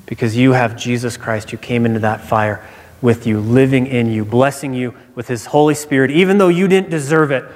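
A man's voice: mid-range voice, normal speed, a little mellow. A man preaching a sermon as pastor, earnest and emphatic, repeating his key points, recorded in a church sanctuary with long reverb.

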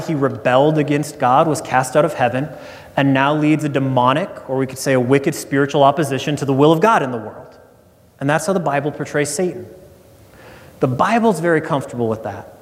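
A man's voice: on the high side, in a large hall. A man preaching a sermon as pastor, conversational and storytelling.

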